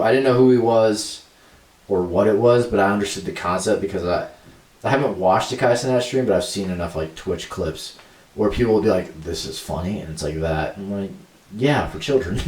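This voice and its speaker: Young man, deep voice, rambling casual podcast talk, roomy echo, away from the mic. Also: normal speed, darkish tone, distant mic. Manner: rambling, lots of fillers, laughs easily. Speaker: podcast co-host. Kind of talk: casual chat.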